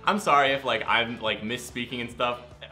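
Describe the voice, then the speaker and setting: A young man giving excited gameplay commentary, gushing and talking straight to his fans while very tired from little sleep. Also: mid-range voice, a little fast, soft background music. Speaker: gaming YouTuber.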